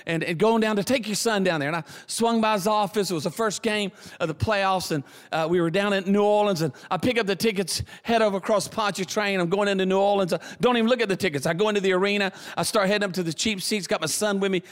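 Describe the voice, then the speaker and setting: A man with a South Louisiana accent preaching a sermon as a guest speaker, telling stories animatedly, repeating words and building to excited shouts. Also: high-pitched, quick pace, hardly any pauses. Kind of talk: sermon storytelling. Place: church auditorium. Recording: reverberant church hall.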